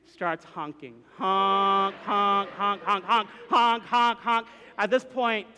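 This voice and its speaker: A man telling a personal story to a live audience, animated and acting out the voices and sounds in it. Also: high-pitched, slight background noise. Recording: long hall reverb.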